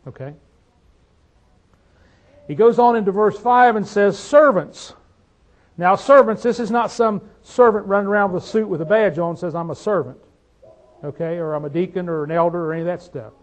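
Male preacher, high voice, emphatic, rhetorical questions, dull lo-fi recording. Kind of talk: sermon. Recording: dull lo-fi sound.

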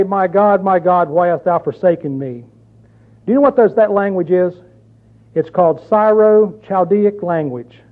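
Male preacher, high-pitched and emphatic, sermon delivery, tinny lo-fi recording. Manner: emphatic, rhetorical questions, reads scripture aloud.

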